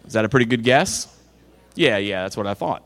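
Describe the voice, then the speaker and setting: A middle-aged youth pastor, appearing as a guest speaker, preaches a sermon earnestly and directly to students in a school chapel, with sarcastic asides. His lowish voice is expressive and fairly bright, a little fast, with a big-room sound.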